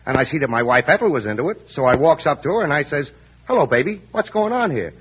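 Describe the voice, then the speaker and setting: An actor playing Joe, an excitable, hotheaded Brooklyn husband in a 1930s radio comedy, slangy and protective. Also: male voice, a little high, fast, slightly rough. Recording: dull lo-fi old radio recording.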